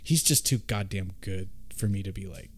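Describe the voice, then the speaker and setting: A man hosts a casual chat about a movie, his voice sitting a little low. He talks in an animated, rambling way and swears freely as he goes. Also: moderate pace. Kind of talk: casual film discussion.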